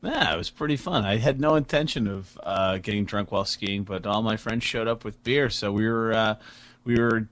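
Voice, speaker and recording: A man's voice: lowish voice, a bit bright, no room sound. Tipsy, rambling man. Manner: rambling, crude, halting. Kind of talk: casual comedic chat.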